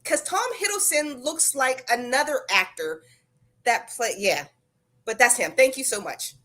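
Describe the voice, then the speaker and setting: A woman's voice: on the high side, animated, measured pace, pushed and bright. A woman co-hosting a casual live stream, chatty and gushing, wandering into rambling asides. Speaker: co-host.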